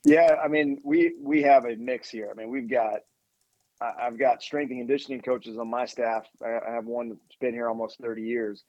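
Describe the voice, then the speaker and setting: A man's voice: mid-range voice, fairly even intonation, normal speed, a little mellow, dry recording, lo-fi sound. A man being interviewed as a podcast guest, talking energetically in long run-on lists with frequent restarts. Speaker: assistant athletics director, guest.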